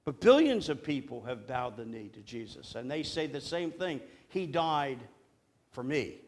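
A man preaching as pastor, earnest, slowing down to lead the congregation in repeating simple phrases. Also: mid-range voice, big pitch swings. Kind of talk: sermon.

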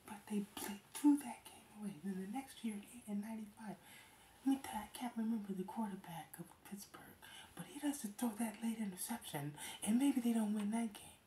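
A woman's voice: medium pitch, brisk, mellow. Chatty woman host in an echoey room. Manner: rambling, laughs often, swears casually. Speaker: podcast host. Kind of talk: casual chat. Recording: roomy echo with faint background hum.

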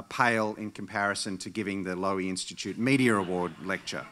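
A man introducing a keynote speaker at a dinner in a measured, earnest formal speech. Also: mid-range voice, a bit bright. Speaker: institute director introducing the speaker. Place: large dinner hall.

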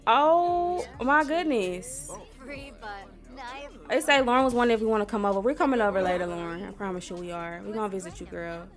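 A young woman from Missouri, chatting casually to viewers while she plays a life-sim game, squealing when something excites her. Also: medium pitch, rapid-fire, few pauses. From Missouri, USA. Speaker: gaming streamer. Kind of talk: casual gameplay commentary. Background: soft R&B background music.

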